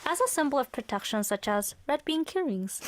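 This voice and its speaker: A woman's voice: sits high, very animated, moderate pace. A young woman co-hosting a casual radio chat, explaining customs and laughing often. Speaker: radio co-host explaining culture.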